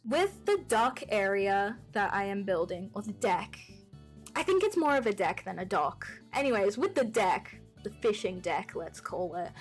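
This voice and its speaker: A young woman talking through a game build in a chatty, bubbly, self-mocking voice-over from her desk at home. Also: fairly high pitch. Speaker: gaming YouTuber. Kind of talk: casual gameplay voice-over. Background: soft background music.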